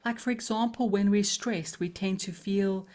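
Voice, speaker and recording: A woman leads a coaching lesson in a calm, melodic voice. She takes her time, slows on key phrases and leaves deliberate pauses. Her tone is inviting and she laughs easily. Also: medium pitch. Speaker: coaching trainer. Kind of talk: live coaching webinar teaching.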